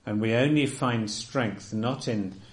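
A man preaching a sermon, earnest and emphatic, often dropping to a soft, quiet delivery. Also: mid-range voice, takes it slowly.

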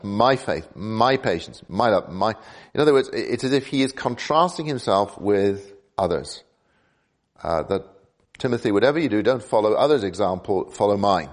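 A man preaching a sermon in a measured way, with frequent fillers and restarts. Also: lowish voice, a little mellow.

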